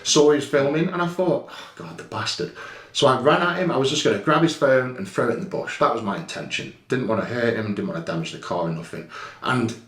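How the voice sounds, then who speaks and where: Guy venting over cctv clips, blunt and sweary, mid-pitched voice in an echoey room. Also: quick pace, fairly bright tone. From England. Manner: blunt, heated, swears freely. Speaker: guest recounting an incident. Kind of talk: casual storytelling over CCTV footage.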